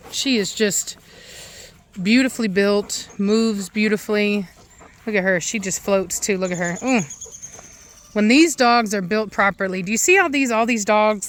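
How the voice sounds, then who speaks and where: A woman's voice: medium pitch, fairly bright tone, a little hiss or hum. A woman dog breeder chatting casually outdoors in her yard, rambling and admiring as she films her dogs. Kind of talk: casual vlog commentary.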